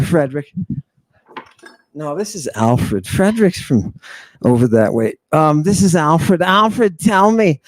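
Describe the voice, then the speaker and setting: A man giving a theatrical, teasing lecture to a live audience, swinging between hushed asides and sudden shouts. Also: a little high, no room sound.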